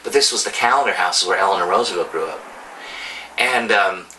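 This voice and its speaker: A Hudson Valley, New York man who tends bar and collects bar memorabilia tells stories in casual chat, rambling enthusiastically and restarting often. His low voice is brisk, bright and forceful, with a little hiss or hum. The mic is distant, with music behind.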